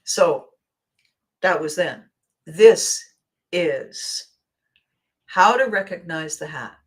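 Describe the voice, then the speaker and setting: A woman from Canada hosting a solo motivational podcast, talking in an animated, playful way and laughing often. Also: lowish voice, very slow. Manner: animated and playful, laughs often, acts out little quoted exchanges. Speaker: podcast host.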